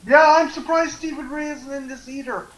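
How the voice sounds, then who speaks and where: A man's voice: extremely high pitch, steady tone, moderate pace, a bit bright. An Irish man chatting casually on a video call during a film watch party, riffing sarcastic jokes and swearing freely. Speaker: guest. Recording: echoey room with faint noise.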